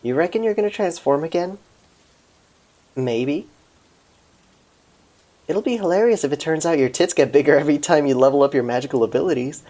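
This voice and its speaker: A man's voice: a little high, brisk, long pauses, dark tone, natural voice. A man voicing a sarcastic young female cat in a game, teasing and indignant.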